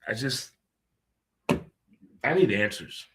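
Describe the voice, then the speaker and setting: Animated, joking talk radio host, man. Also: slow. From St. Louis. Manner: animated, joking, shifts between loud outbursts and low muttering. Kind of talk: casual talk radio monologue.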